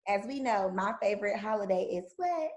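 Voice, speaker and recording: A woman in her twenties with a Southern American accent, hosting a podcast in an animated, emotional, casual chat. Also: medium pitch, moderate pace, slight background noise, rough recording. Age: 20s. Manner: animated, emotional, laughs easily. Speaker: podcast host.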